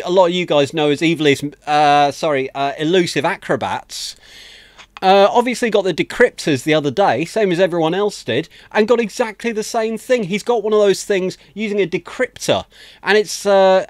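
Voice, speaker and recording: A man's voice: high-pitched, no echo. A man hosting a livestream, chatting casually and self-deprecatingly as he greets viewers one by one, close to a desk microphone. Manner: chatty, self-deprecating, frequent laughs and thank-yous. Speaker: livestream host. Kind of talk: casual chat to stream viewers.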